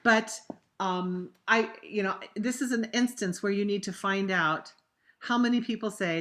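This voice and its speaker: A woman opera coach leading a virtual master class over a video call, talking singers through diction and breathing, and breaking into loud spoken examples of words. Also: medium pitch, moderate pace. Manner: demonstrative, acts out diction examples with sudden loud bursts; conversational, warm coaching with fillers.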